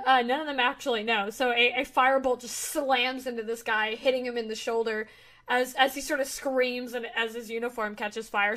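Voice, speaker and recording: A young woman narrates a tabletop game as its game master, her voice sitting a little high. She talks in halting bursts, full of fillers and restarts. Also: sharp tone. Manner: hesitant, lots of fillers and restarts.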